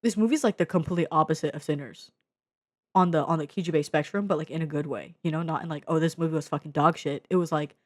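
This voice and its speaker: A young woman from the Bay Area giving a casual media review into her own mic, excitable and slangy, swearing freely and full of fillers. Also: sits low, fast talker, dry recording, clean studio sound. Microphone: own desk mic.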